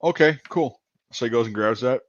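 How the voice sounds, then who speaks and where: A man's voice: medium pitch, moderate pace, no echo. Guy from wisconsin rambling thru a story, trips over his words, dry dull lo-fi sound. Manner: rambling, repeats words, acts out dialogue. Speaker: podcast host. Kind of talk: casual storytelling chat.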